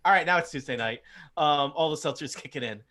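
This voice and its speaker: A man's voice: a little high, fast talker, pushed and bright. A man running a tabletop game as game master, joking and poking fun at himself. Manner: joking, self-mocking. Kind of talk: casual tabletop game chat.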